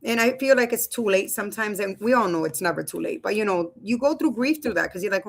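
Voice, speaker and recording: A woman's voice: medium pitch, animated, quick pace, gravelly, hardly any pauses. A woman in her thirties or forties hosting a casual live stream from home on a webcam, chatty and loose, often calling her viewers "you guys.". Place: home room.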